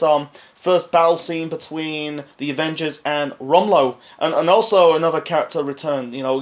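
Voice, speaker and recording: A man's voice: a little high, dull audio. A man giving a casual, rambling movie review on his channel, full of fillers and restarts. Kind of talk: casual unscripted review monologue.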